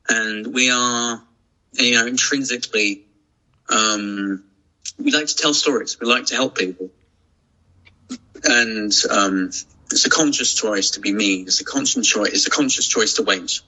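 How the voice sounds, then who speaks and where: A man's voice: fairly low pitch, measured pace, pauses often, pushed and bright, poor audio. A man, a podcast guest talking casually and reflectively, with many restarts and fillers. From England. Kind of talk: casual chat.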